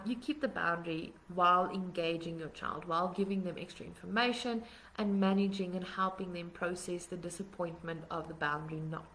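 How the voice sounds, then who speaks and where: A woman's voice: on the low side, a bit bright, poor audio. A woman hosting a live parenting workshop, earnestly explaining numbered points in a live-streamed talk. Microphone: webcam or phone on a live stream.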